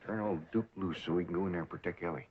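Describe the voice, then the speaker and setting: An actor playing a calm middle-aged hillbilly patriarch with a dry drawl. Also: male voice, low-pitched, racing, over a noisy crowd, natural voice. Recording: dull old TV sound with loud hiss.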